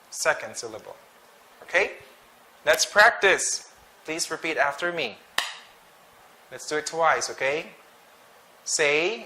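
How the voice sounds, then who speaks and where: A man teaching an English pronunciation drill, saying each word slowly and twice with short explanations. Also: on the high side, lively intonation, noisy background. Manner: slow, deliberate, repeats each word twice.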